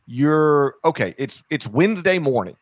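A man's voice: on the high side, animated, measured pace, no echo. Dry-voiced man musing on college hoops. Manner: rambling, many restarts and fillers. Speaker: podcast co-host. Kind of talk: casual sports chat.

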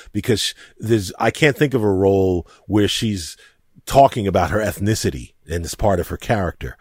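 A man co-hosting a discussion, talking in an emphatic, animated way. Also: lowish voice, breathy edge, no echo. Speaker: co-host. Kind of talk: casual discussion. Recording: dry close mic.

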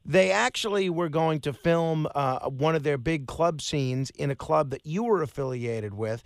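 A man's voice: on the high side, measured pace, gravelly, no echo, studio quality. A man hosting an interview, setting up long framing questions before handing over to his guest. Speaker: radio host.

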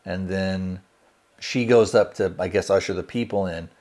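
A man's voice: low-pitched, moderate pace. A man hosting a podcast, loosely retelling a film's scenes and quoting the characters in his own voice, with plenty of kinda and you know. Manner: relaxed, hedging with fillers like kinda and you know. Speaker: podcast host reviewing a film. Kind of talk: casual spoken movie recap.

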